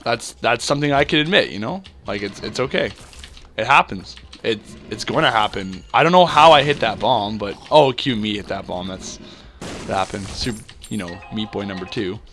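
A man's voice: mid-range voice, lively intonation, moderate pace, fairly bright tone, soft background music. A young man from Canada rambling through casual gameplay commentary, full of fillers and self-deprecating asides. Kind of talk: casual let's-play commentary.

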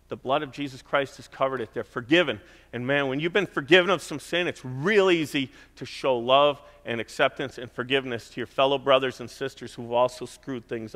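A man's voice: mid-range voice, a bit bright. Middle-aged man preaching in a reverberant hall. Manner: conversational preaching with emphatic repetition. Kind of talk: sermon. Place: church.

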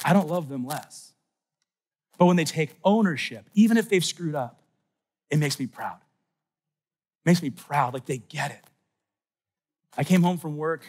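A middle-aged man giving an animated faith talk at a youth conference, telling stories with sudden shouts and soft asides. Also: fairly high pitch. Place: large conference hall.

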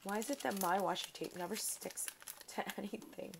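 Woman, casual gushing unboxing chat, some vocal fry, faint background noise. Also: mid-range voice, moderate pace. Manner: gushing, chatty, talks to the sender as "girl". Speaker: crafting vlogger.

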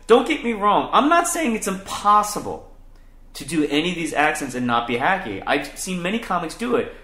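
Man, comedian host, bright tone, profane animated rant, echoey room. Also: fairly high pitch, a little fast. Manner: profane, animated, rants with mocking quoted voices. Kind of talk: casual chat.

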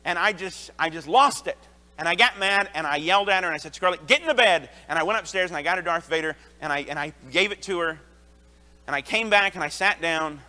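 An earnest man in his thirties preaching to a congregation, telling stories from his own life. His voice sits high for a man and rings bright and forceful, and he stumbles and restarts as he goes. The church hall adds a long reverb behind him. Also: brisk. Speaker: associate pastor. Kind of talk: sermon. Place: church sanctuary.

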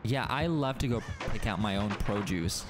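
A young adult streamer giving live gameplay commentary, excitable, swearing and shrieking often, laughing and taunting teammates. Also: mid-range voice, normal speed, background noise. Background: game music.

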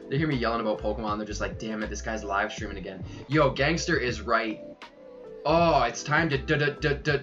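A young man livestreaming a card unboxing, excitable and loud, saying yo over and over and laughing as he goes. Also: medium pitch, lo-fi sound. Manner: hyped, keeps saying yo, yells and laughs. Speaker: streamer unboxing trading cards. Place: his room at home.

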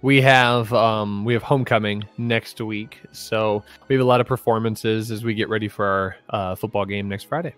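A man's voice: fairly low pitch, fairly even intonation, normal speed, few pauses, a bit bright, soft background music. A man co-casting a game tournament in a friendly, upbeat way. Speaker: co-caster. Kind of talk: casual game commentary.

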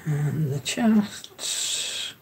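A woman hosts a relaxed craft tutorial livestream at an unhurried pace. She chats as she works, thinks aloud and says hello to viewers in the live chat by name. A faint background hiss sits under her voice. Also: low-pitched, creaky.

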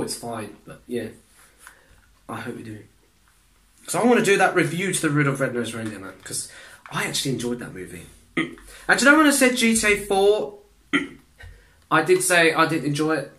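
Rambling young man, lively bright voice. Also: mid-range voice, reverberant. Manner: rambling, trailing off, frequent throat clearing. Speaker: reaction vlogger. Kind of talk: casual rambling chat to camera.

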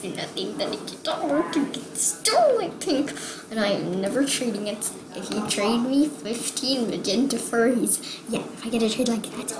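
Excitable whispering girl in an echoey room. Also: fairly high pitch, measured pace. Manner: excitable, rambling, often drops to a whisper. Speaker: game vlogger. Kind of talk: casual gaming vlog. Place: home room. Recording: echoey room with background noise. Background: TV sports broadcast playing.

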